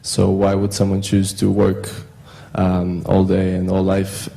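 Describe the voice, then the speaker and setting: A man from the audience hesitantly asking two questions, with many pauses and fillers. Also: low voice, completely flat delivery, creaky, mellow, a little hiss or hum, rough recording. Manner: hesitant, full of um and uh.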